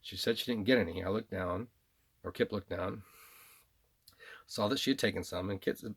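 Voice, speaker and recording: Low gravelly man with a slight Southern accent. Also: normal speed. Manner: rambling, speaks of himself in third person, many restarts and fillers. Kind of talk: rambling monologue video.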